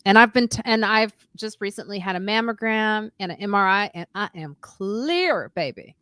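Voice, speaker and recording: Bright-voiced woman chatting casually. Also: medium pitch, expressive, normal speed, no room sound. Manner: chatty, rambling, laughs often. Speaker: co-host. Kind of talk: casual comedy chat.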